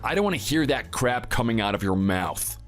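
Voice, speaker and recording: A man reads a texting story in synthetic style, voicing a boastful, muscle-bound bully who mocks his neighbor with a sneer. He sounds animated and natural, brisk at a medium pitch, and faint music plays behind him.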